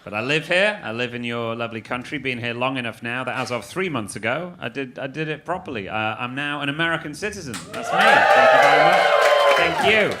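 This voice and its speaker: Loud laughter and applause make the clip very noisy as a Mancunian stand-up in his thirties, from Manchester, England, performs on a comedy club stage. His mid-range voice is expressive and brisk, and his humor is dry and sardonic as he talks with the crowd.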